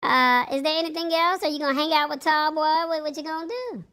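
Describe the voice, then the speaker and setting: A woman co-hosting a livestream, bantering in an animated, teasing way. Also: sits high, quick pace. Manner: animated, teasing, laughs often. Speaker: co-host.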